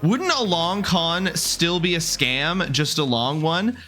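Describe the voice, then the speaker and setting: A man's voice: a little high, lively intonation, slow, sharp tone, faint music behind. Chatty, joking male game streamer. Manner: chatty and joking, greets viewers by name, wanders off mid-sentence. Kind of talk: casual live-stream chat with viewers.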